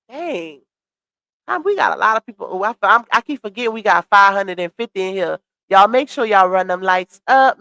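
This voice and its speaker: A woman hosting a casual livestream, reacting to gossip and shouting out viewers, her voice a little worn. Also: fairly high pitch, clean tone, dry recording. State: voice slightly worn. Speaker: livestream host. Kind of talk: casual live-stream chat reading comments.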